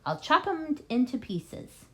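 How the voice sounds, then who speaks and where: A woman voicing a small, pot-bellied, vicious male farmer who yells spitefully in a storybook reading. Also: high voice, big pitch swings, slow pace, voice pushed up, full character voice. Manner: yelling, spiteful.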